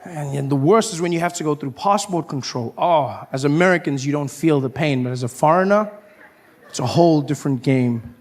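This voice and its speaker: A man performing a stand-up comedy routine, animated, slipping into shouted high voices for the characters he acts out. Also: brisk.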